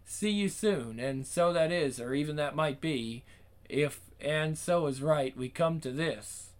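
A man's voice: a little high, a little slow, lightly acted. A man doing a wistful Frenchman. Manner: lilting, rambling, romantic. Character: theatrical middle-aged Frenchman, wistful and rambling.

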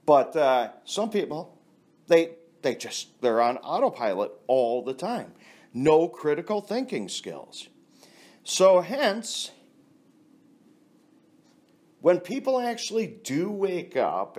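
A man speaking in a blunt, profane ranting monologue. He talks slowly, his voice rising and falling a lot, and he laughs at his own stories. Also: medium pitch, very animated, a little mellow. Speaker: vlogger.

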